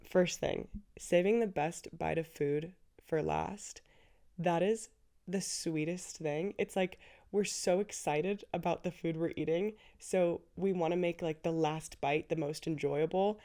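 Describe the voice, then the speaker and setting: A woman in her twenties hosting a casual solo podcast, gushing and chatty, full of "like"s. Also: a little mellow. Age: 20s. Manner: chatty and gushing, with lots of filler "like"s; breaks into a squeaky high put-on voice for quotes. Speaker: podcast host.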